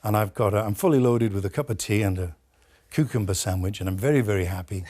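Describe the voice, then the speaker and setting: Man, Welsh-born, husky voice, meandering anecdote, many ums. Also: lowish voice, quick pace, dark tone. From Wales. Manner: hesitant, anecdotal storytelling with many fillers. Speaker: studio guest. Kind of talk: broadcast interview.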